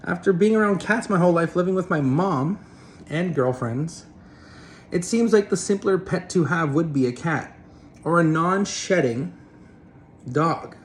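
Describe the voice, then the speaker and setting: A man's voice: fairly high pitch, expressive, unhurried, slight background noise. A man giving a casual, rambling opinion rant as a vlogger, blunt and swearing freely.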